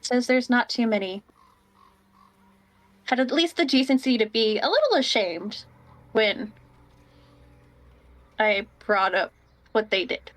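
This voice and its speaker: A woman playing a tabletop game, speaking in halting bursts and repeating words. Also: on the high side, expressive, fairly bright tone. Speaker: player. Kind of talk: tabletop role-play.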